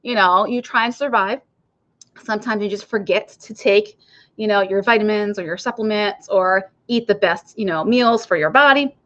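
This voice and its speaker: A woman's voice: medium pitch, moderate pace, a bit bright. Chatty woman health coach, lo-fi. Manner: chatty, addresses viewers directly. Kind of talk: casual online coaching talk.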